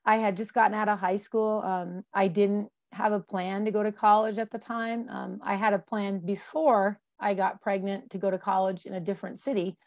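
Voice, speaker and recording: A woman's voice: medium pitch, steady tone, moderate pace, few pauses. A woman in her forties, a guest reflecting candidly on her life, with many fillers and restarts. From Colorado, USA. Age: 40s. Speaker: interview guest. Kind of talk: candid personal conversation.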